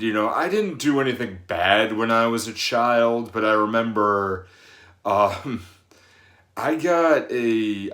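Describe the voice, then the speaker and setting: A man's voice: lowish voice, fairly bright tone. Rambling man in his thirties, echoey room. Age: 30s. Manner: rambling, frequent fillers and restarts. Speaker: personal trainer. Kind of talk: casual advice monologue.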